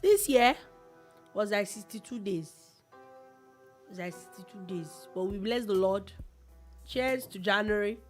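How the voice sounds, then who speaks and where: A woman's voice: medium pitch, unhurried, long pauses, faint music behind. A woman co-hosting a casual radio show, bantering playfully and teasing her partner. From Nigeria. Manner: playful, teasing, talks over her co-host.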